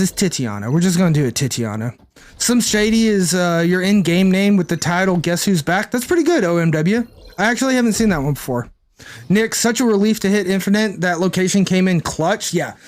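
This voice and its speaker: A young man with a fairly high voice streams a card game and talks casually the whole time. He thinks his plays through out loud and keeps answering his chat. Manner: chatty, thinks aloud, reads and answers chat. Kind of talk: casual live-stream commentary.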